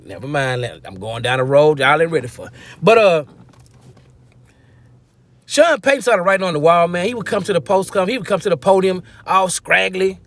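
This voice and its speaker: A man's voice: sits high, expressive, normal speed, a bit bright. A man giving a casual, slangy football-fan rant, joking and acting out quotes as he goes. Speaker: sports fan commentator.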